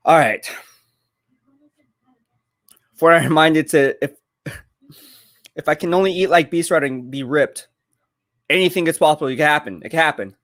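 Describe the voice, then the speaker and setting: A man's voice: a little high, normal speed, pauses often, fairly bright tone. A young man chatting casually on a live stream while eating, rambling and reading viewer comments aloud.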